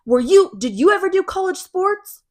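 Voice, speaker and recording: A woman voicing a drunk, mouthy young woman who is picking a fight in a retold story, loud and shrill. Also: expressive, normal speed. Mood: angry, shrill.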